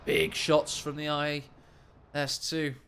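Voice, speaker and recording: Excitable high-voiced game caster. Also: male voice, takes it slowly, vocal fry, slight background noise. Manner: jokey, rambling, sudden shouts of excitement. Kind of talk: excitable video game commentary.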